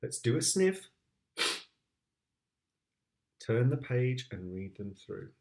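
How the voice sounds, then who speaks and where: Slow sing-song British dad reading aloud. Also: male voice, mid-range voice, sing-song, mellow. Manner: playful, with sound effects. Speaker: father reading to his child. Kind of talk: reading picture books aloud.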